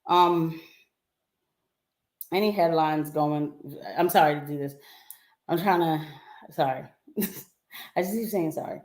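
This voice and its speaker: A young adult woman hosts a casual livestream in a slightly lower voice. She talks in a chatty, animated way, laughs often and breaks off to address her viewers. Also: slow pace, pauses often. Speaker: livestream host. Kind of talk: casual political commentary livestream.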